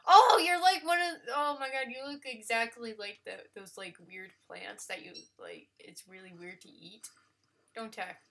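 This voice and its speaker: A woman giving live gameplay commentary, excitable and gushing, with frequent exclamations and casual swearing. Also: medium pitch, normal speed, a little hiss or hum. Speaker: let's player.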